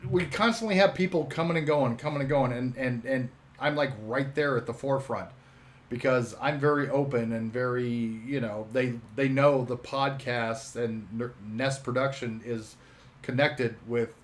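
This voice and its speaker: A man's voice: medium pitch, normal speed. A man co-hosting a podcast in casual chat, rambling, laughing often and swearing now and then. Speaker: podcast co-host and shop owner.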